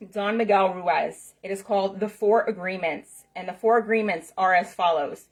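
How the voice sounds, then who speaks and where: A middle-aged woman giving an emphatic motivational talk to camera, passionate and repetitive, checking in with "okay?" and "right?". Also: mid-range voice. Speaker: spiritual self-help speaker.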